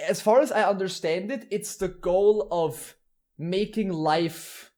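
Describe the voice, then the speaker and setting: A man's voice: high voice, takes it slowly, darkish tone. A man hosting a podcast, explaining things at length in casual chat, with frequent restarts and blunt wording. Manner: explains at length, with many restarts and some laughing. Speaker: podcast host explaining lore.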